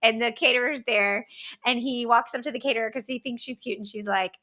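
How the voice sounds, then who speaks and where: A woman co-hosting a casual podcast, her voice a little high and very bright. She giggles a lot and slips into quick voices to act out movie lines. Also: steady tone. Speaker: podcast co-host. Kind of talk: casual chat.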